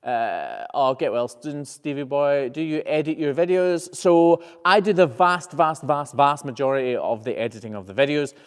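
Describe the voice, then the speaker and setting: A man's voice: on the high side, moderate pace, hardly any pauses, clear, resonant tone, in a large hall. A man hosting a casual live Q&A as a professional hoof trimmer, reading viewer questions aloud and answering in a chatty, easygoing way with frequent "uh"s and restarts.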